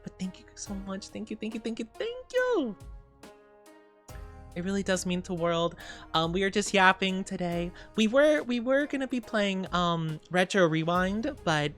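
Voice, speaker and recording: A woman streamer greets her chat in a gushing, bubbly way, wishing everyone well again and again and sprinkling in cutesy slang. Her voice sits at a middle pitch at normal speed, with soft music faint in the background of this casual livestream.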